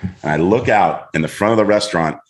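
A middle-aged man, a guest on a show, telling a story in an animated way and acting out voices as he goes. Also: deep voice, fairly quick. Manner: lively, acts out voices in his story.

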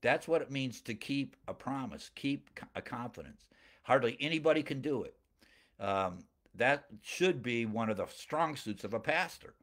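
Animated preacher man, chuckling asides. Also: mid-range voice, moderate pace. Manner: conversational, with chuckling asides and personal anecdotes; reads scripture aloud, then paraphrases it in plain speech. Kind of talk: expository Bible sermon.

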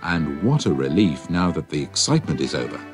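Male narrator, very deep and husky, animated storytelling, faint music under him. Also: a little fast. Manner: warm, expressive storyteller.

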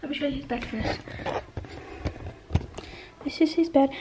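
Chatty high-voiced woman vlogging. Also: measured pace, pauses often, muffled recording, a little hiss or hum. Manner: chatty and excitable, coos softly to her pet. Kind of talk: casual vlog chat. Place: indoors at home.

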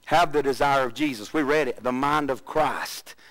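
A man preaching a sermon as pastor, full of rhetorical questions and swings between rising fervor and quiet low passages. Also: moderate pace, rough recording.

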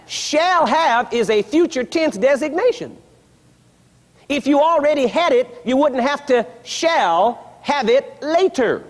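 A man's voice: very high-pitched, unhurried. A man preaching a sermon in a large church, teaching emphatically and firing repeated questions at the congregation. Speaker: pastor. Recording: long reverb of a large hall.

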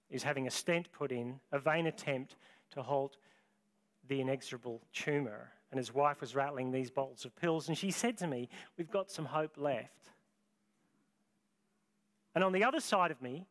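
A man in his fifties delivers a sermon from the pulpit. He tells the story slowly and dramatically, pausing often. His voice sits a little high for a man. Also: a bit bright. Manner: dramatic, slow deliberate storytelling with long pauses. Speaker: pastor.

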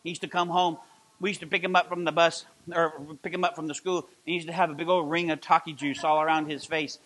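A middle-aged man preaching a sermon as pastor of a church, impassioned and building to loud emphatic peaks. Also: fairly high pitch, little pitch movement, quick pace. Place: church sanctuary.

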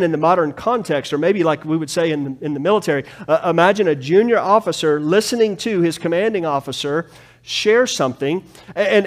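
Animated male preacher with a lively voice. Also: high-pitched. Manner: animated preaching, swings from soft to loud. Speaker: pastor. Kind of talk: sermon. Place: church sanctuary.

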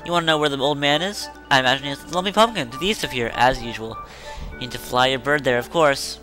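A man's voice: medium pitch, quick pace, bright, forceful tone, soft background music, natural voice. A man voicing a chatty villager from a video game who gossips about local rumors. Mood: gossipy. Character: gossiping small-town villager.

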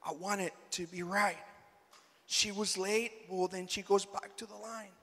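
A man giving a school chapel sermon, telling a personal story in an animated way and acting out the dialogue. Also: high-pitched, a little slow. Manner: animated, acts out dialogue, rising to near shouts. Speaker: chapel speaker. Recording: echoey hall reverb.

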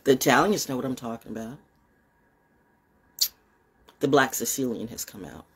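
A woman talking casually to her camera in a rambling monologue, swinging from high exclamations to low muttering and swearing freely. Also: moderate pace, husky. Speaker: vlogger.

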